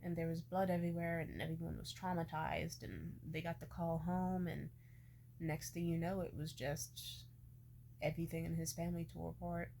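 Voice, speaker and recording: A woman's voice: low-pitched, fairly even intonation, normal speed, vocal fry, dark tone, slight background noise. Candid young woman telling a story. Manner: candid and emotional, swears freely. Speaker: vlogger. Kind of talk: casual storytime.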